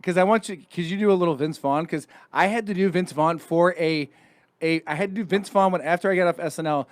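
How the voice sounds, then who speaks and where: Podcast host, man, 30s, high-pitched, jokey and swearing. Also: brisk, no echo. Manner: joking, profane banter. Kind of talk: casual podcast interview.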